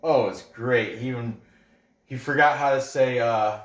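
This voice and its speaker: Male host, unhurried, rambling chat, roomy echoey sound. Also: medium pitch. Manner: rambling, trails off and restarts. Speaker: MMA betting picks host. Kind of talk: casual chat. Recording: roomy echo.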